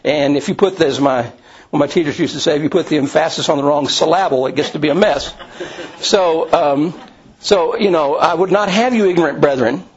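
Man teaching bible class, slightly high voice, husky, rambling with restarts, dull lo-fi recording. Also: normal speed. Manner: rambling, many restarts and asides. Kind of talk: Bible study lecture.

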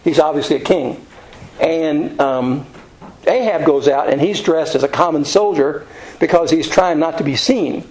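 A man with a fairly high voice leads a casual Bible study. He tells the story in a rambling, folksy way, full of ums and restarts. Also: a little slow, a little mellow, low-quality recording. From United States. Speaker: Bible teacher.

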